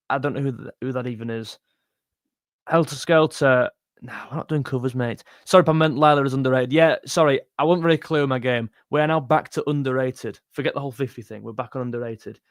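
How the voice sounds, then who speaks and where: Medium-pitched and recorded to studio quality with no room sound, this young man chats casually on a livestream. He reads out viewer comments for his music channel, cracking jokes and addressing people as mate.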